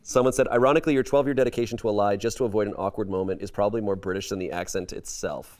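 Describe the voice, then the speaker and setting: A man's voice: lowish voice, rapid-fire, few pauses, a little mellow. A man reading a story and comments aloud as a comedy podcast host, breaking off into laughter now and then. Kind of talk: reading posts aloud, casual podcast chat.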